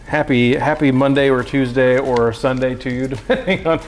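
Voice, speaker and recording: A man's voice: mid-range voice, normal speed. A young man hosting a cooking livestream from his home kitchen, joking with viewers in a goofy, self-mocking way. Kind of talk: casual cooking livestream chat.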